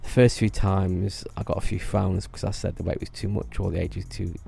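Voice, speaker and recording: A man's voice: sits low, steady tone, a little fast, gravelly, mellow, faint music behind. A man telling rambling casual stories about his old theme park job, restarting phrases and laughing at himself. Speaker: vlogger recalling theme park work.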